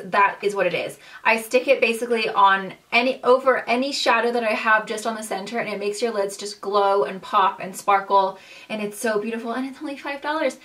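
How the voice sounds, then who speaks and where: A woman's voice: mid-range voice, a bit bright. A young woman talks through her favorite makeup finds, gushing and bubbly, with plenty of "like" and "um" between thoughts. Her voice sits in a middle register and sounds a little far from the microphone. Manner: gushing, bubbly, many "like" and "um" fillers. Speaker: beauty vlogger. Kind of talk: casual monthly favorites chat.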